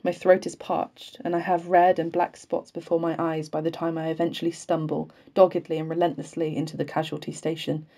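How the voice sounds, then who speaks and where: Woman reading a novel audiobook, low mellow voice, flat and unhurried. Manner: measured, unhurried, with occasional slips left in. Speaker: audiobook reader.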